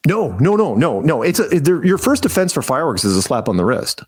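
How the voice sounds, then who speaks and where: A man's voice: a little high, very animated, fairly quick, breathy edge, dry recording. A man, a podcast guest, telling a long story in a casual, rambling way, with many restarts and acted-out quotes.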